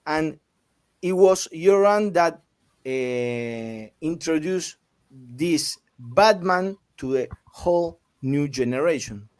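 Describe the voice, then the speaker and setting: Slow, halting man interviewing. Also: on the high side, animated, darkish tone, clear, resonant tone. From Argentina. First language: Spanish. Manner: halting, many fillers and restarts. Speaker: interviewer, host.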